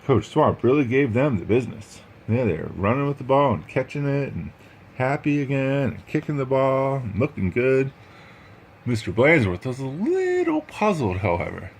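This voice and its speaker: A man's voice: mid-range voice, sing-song, moderate pace, slight background noise. A man reading a picture book aloud, adding chatty asides about the pictures. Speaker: read-aloud storyteller.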